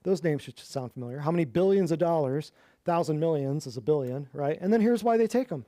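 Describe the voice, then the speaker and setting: A man's voice: a little high, lively intonation, a little fast, dark tone, no room sound, studio quality. A man hosting a health podcast in a sarcastic, mocking monologue, repeating words for emphasis. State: winded. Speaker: podcast host.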